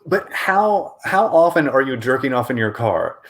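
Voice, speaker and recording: A man's voice: mid-range voice, big pitch swings, normal speed, fairly bright tone. A man hosting an interview in a playful, teasing manner, often laughing at his own jokes. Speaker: interview host. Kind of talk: casual interview chat.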